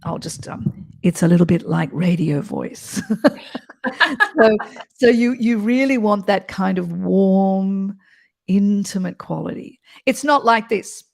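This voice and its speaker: A woman voice coach talks through voice technique in a lively, expressive way. Her voice sits in a middle pitch with a gravelly, fry-tinged edge. She often slips into short demonstrations while she explains. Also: slow pace. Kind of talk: explanatory interview chat.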